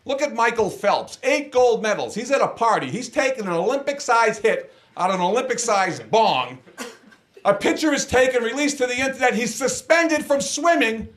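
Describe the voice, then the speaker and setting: High lively comedian man. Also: moderate pace. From Boston area, Massachusetts. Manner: punchy one-liners, deadpan setups. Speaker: stand-up comedian. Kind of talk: stand-up routine.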